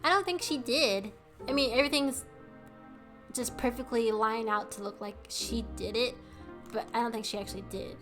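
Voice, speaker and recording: A woman's voice: fairly high pitch, moderate pace, over music. A young woman streamer commenting casually on a game, filling her talk with "like". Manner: casual, lots of "like". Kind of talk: live gameplay commentary.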